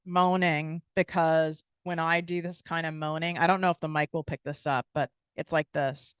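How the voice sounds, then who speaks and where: An American woman hosts her own podcast, speaking in a clear, smooth voice. She talks bluntly and casually, swears freely and drifts into tangents as she coaches listeners. The sound is dry and close, with no room echo. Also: sits low, little pitch movement, normal speed, hardly any pauses. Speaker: podcast host and business coach. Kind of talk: casual motivational monologue.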